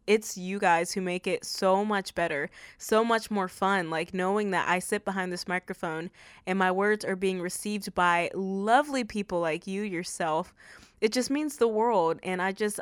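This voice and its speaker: A young woman hosts a faith podcast, teary and talkative, with casual fillers and restarts. Her voice is smooth and clear, recorded dry and close to the mic. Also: medium pitch, no echo. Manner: emotional, chatty, many fillers. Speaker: podcast host. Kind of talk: faith-based podcast talk. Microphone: studio microphone.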